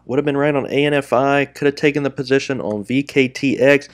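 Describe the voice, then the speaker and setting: Chatty male day trader talking to viewers. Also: medium pitch. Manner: quick, chatty, keeps addressing viewers as traders and guys; openly scolds himself when a trade goes wrong. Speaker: day trader and channel host. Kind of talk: live trading commentary to viewers.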